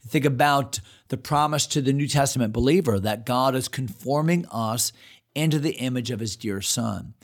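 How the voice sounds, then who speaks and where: Earnest male preacher, mid-pitched. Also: moderate pace. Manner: earnest preaching, paraphrasing scripture in a lively voice, with small restarts. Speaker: pastor. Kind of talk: expository sermon. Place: church.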